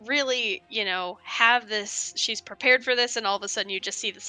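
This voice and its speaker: A woman's voice: a little high, a little fast, bright, forceful tone, soft background music. A woman playing a tabletop game, describing her character's actions in a hesitant way full of "like" and "you know". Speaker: player.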